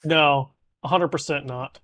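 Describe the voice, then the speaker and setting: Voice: mid-range voice, fairly even intonation, unhurried, a bit bright. A laid-back, teasing game master narrating a tabletop game, laughing often.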